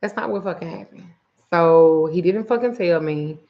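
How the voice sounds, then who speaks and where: A woman's voice: on the low side, moderate pace, lo-fi sound. A woman who does spiritual readings and root work, telling a profane, exasperated story in a casual livestream and greeting viewers by name. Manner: reads viewer names aloud. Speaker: spiritual reader and root worker.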